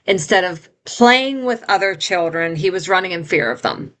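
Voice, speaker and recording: A woman's voice: on the low side, expressive, normal speed, a bit bright. A middle-aged woman telling a painful personal story as an interview guest, in an earnest, heartfelt way.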